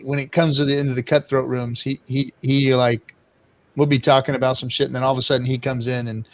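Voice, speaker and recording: A man hosting a live stream, chatting loosely and telling rambling, profane stories with frequent laughs. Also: mid-range voice. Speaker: stream host. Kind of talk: casual live-stream chat.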